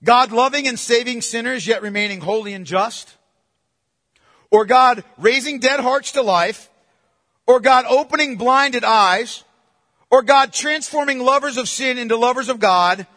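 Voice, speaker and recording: High, bright-voiced preacher in a reverberant hall. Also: male voice, unhurried. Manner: emphatic, rhetorical questions to the congregation. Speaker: pastor. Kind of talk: sermon.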